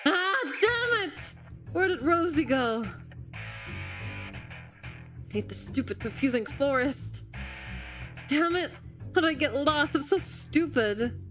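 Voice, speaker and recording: A woman's voice: a little high, moderate pace, music in the background, lightly acted. A woman voicing a small, hot-headed young female rat who talks in a frustrated, self-scolding way.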